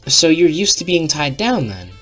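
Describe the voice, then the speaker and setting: A man's voice: on the high side, very animated, moderate pace, pushed and bright, soft background music, voice pushed up. A man voicing a polite, curious young male fox in a read-aloud fan story.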